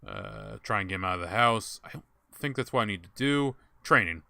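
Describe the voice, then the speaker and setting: Young male streamer, low bright voice, casual running commentary over gameplay. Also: lively intonation, a little fast, vocal fry, dry recording. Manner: chatty, thinks aloud, laughs at himself. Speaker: streamer playing a game.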